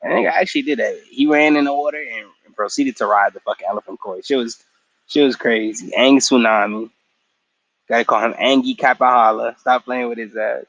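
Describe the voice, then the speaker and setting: A man's voice: mid-range voice, fairly quick, creaky, a bit bright, no room sound, lo-fi sound. A young man casually recapping a cartoon episode in a slangy, profane way, acting out the characters' lines. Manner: slangy, profane, acts out quotes. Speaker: show recap host.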